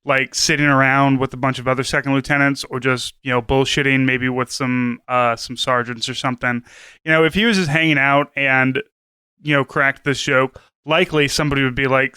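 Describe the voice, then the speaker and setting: A man's voice: medium pitch, fairly even intonation, brisk, pushed and bright, clear, resonant tone, no echo. Man, podcast co-host, earnest, rambling, dry close mic. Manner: rambling, filler-heavy, earnest. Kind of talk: casual podcast chat.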